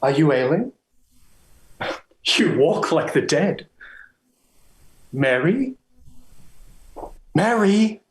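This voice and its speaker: A playful poet who savours every phrase, played by a man, in lively Elizabethan stage speech. His voice leaps up and down and stays slightly high. The room around him is echoey. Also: very slow, long pauses, exaggerated voice. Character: playful male poet, charmed by words.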